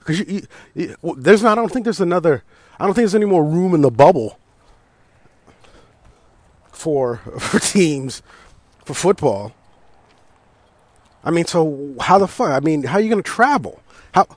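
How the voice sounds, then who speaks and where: This American talk show host speaks on the high side at normal speed, with long pauses and no room sound. Ranting loosely about sports, he swears a lot, laughs, restarts and erupts in animated outbursts.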